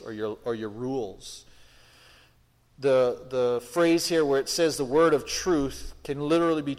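A man preaching a sermon in a conversational, emphatic way, asking the listeners rhetorical questions and often restarting his sentences. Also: medium pitch. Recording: long hall reverb.

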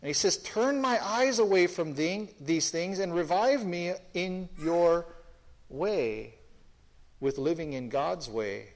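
A man's voice: high voice, animated, slow. A man preaching an expository sermon to a congregation, emphatic, often repeating phrases and restarting sentences.

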